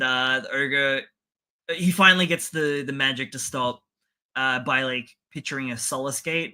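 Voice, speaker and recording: A man with a bright, forceful voice chats casually through an episode recap. He rambles, laughs often and slips into quick impressions of the characters. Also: mid-range voice. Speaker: podcast co-host.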